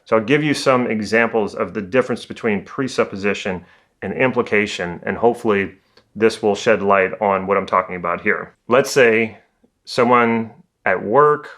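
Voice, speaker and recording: A man working as a communication coach, giving a calm, conversational educational talk. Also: on the low side.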